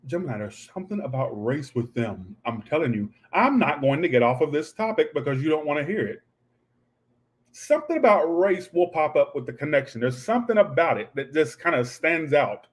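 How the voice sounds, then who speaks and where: A man doing a casual livestream tarot reading, talking in a snappy, profane, ranting way. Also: mid-range voice. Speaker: tarot reader.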